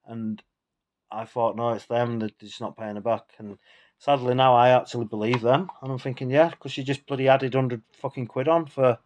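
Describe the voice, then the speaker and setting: A man rants straight to camera, a few drinks in. His voice sits at an ordinary middle pitch. He rambles, swears freely and sounds indignant throughout. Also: steady tone, moderate pace. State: tipsy from drinking. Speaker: vlogger. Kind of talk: ranting casual monologue.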